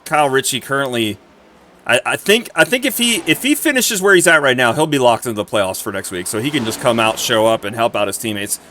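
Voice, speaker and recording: Excitable man calling a sim race. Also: medium pitch, quick pace, slight background noise. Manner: excitable, exclaims at close racing. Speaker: sim racing commentator. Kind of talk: live race commentary.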